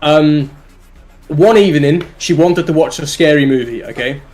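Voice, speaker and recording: A man with a British accent telling a story on a livestream, animated and swearing, often laughing as he goes. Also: a little high, moderate pace, faint music behind. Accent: British English. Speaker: live streamer.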